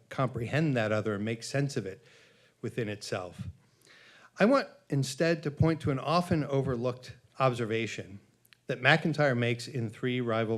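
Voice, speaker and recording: A man giving a conference lecture, reading from his paper in a measured, halting way with frequent fillers and self-corrections, and reading long quotations aloud. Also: medium pitch. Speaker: conference speaker.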